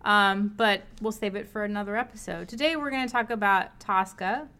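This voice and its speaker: A woman's voice: medium pitch, moderate pace, pushed and bright, smooth. An American woman hosting a casual podcast chat, blunt and swearing freely as she mocks pretension. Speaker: podcast host.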